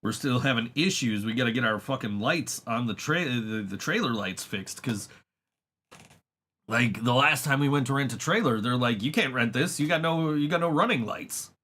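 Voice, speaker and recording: A man's voice: medium pitch, lively intonation, moderate pace, pushed and bright. Profane, laid-back male podcast host. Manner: profane, laughs often, retells calls. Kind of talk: casual rambling storytelling. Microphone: studio microphone.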